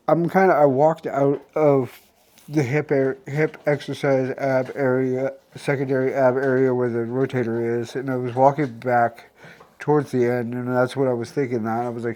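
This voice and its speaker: A man's voice: medium pitch, moderate pace, dark tone. A young man casually recapping his day for a vlog, rambling with many restarts and fillers. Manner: rambling, restarts often, filler-heavy storytelling. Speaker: vlogger.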